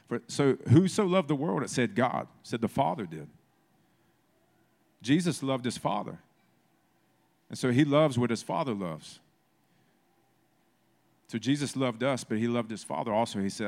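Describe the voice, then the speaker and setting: A man's voice: on the low side, normal speed, darkish tone. Man preaching a conversational sermon. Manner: conversational preaching, building to emphatic repetition. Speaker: pastor.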